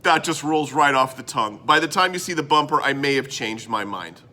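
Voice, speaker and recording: A man hosting his own comedy web show, talking to camera in a rambling, sarcastic monologue that swings from mutters to loud bursts. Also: medium pitch, animated, a little fast, over music. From Canada.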